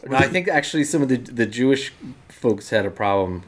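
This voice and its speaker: A man's voice: medium pitch, animated, a little fast, a little hiss or hum. A man co-hosting a podcast in casual chat, explaining a point at length and restarting sentences as he thinks aloud. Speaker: podcast co-host.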